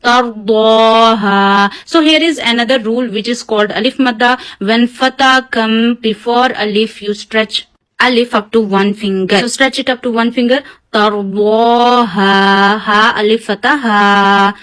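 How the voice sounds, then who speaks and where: Woman teaching tajweed, slightly high voice, patient step-by-step explaining. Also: a bit bright, low-quality recording. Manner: patient step-by-step explaining, slowed drawn-out recitation of example words. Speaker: Quran teacher. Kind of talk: tajweed lesson.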